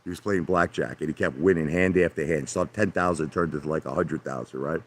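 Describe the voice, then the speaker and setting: Low-voiced male livestream host, argumentative rambler talking to chat from his hot tub. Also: fairly quick, slightly rough. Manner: brash, argumentative, repeats himself, addresses chat by name. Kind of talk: rambling live chat with viewers.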